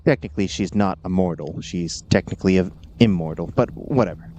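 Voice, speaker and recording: A man's voice: deep voice, brisk, slight background noise. A man giving casual, jokey commentary while playing a video game. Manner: jokey, animated. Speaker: gameplay host.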